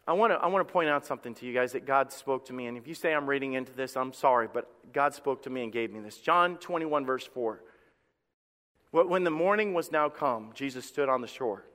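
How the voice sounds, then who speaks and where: A man preaching a sermon as pastor, with impassioned delivery that swings from hushed to loud and a habit of repeating his first words. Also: mid-range voice, animated, fairly quick, big-room sound. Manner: repeats words when starting a phrase.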